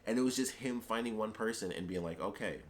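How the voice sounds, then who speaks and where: Man, lowish voice, casual film review, rambling, enthusiastic, lots of fillers. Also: fast. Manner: rambling and enthusiastic, heavy on "like" and "you know". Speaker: YouTube movie reviewer.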